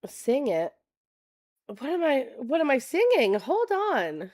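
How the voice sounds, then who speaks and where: Brief: young woman streamer, chatty and giggly, a touch high-pitched, thanks chat by name and reads pages aloud. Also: sing-song, unhurried, darkish tone. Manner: chatty, laughs often, thanks viewers by name. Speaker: political livestream host. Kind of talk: casual livestream chat.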